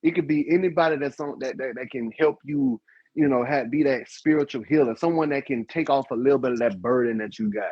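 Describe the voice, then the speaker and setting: A man's voice: medium pitch, a little fast, darkish tone, no echo, dull audio. A man co-hosting a relationship advice podcast, talking casually and animatedly, with emphatic repeats. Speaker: podcast co-host.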